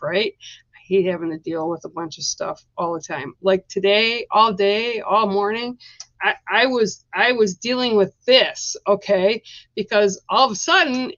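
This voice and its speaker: A woman's voice: medium pitch, fairly bright tone, no echo, dull audio. A woman giving a chatty, reassuring live-stream card reading, talking straight to her viewers. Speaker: psychic card reader.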